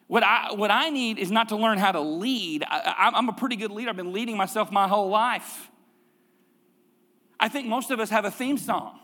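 A man's voice: high voice, fairly quick, fairly bright tone, in a large hall. A middle-aged male pastor preaching a sermon in a conversational way, with rhetorical questions and repeated phrases. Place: church sanctuary.

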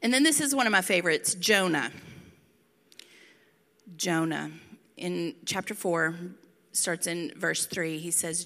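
Middle-aged woman preaching, bright forceful voice, laid-back and jokey, long echo from a big hall. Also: mid-range voice, animated, normal speed. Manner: casual, chatty, with playful asides and laughter. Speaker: pastor. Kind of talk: sermon. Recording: reverberant hall.

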